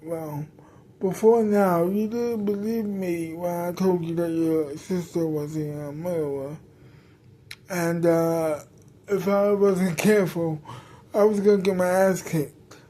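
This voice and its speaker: A woman's voice: on the low side, steady tone, dark tone. A woman voicing a hesitant young woman visitor. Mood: nervous. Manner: hesitant, halting questions.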